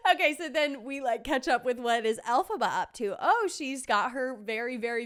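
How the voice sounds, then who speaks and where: Gushing woman podcast host, smooth and bright. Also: high voice. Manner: gushing, excitable, quick asides. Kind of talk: casual chat recapping a trailer.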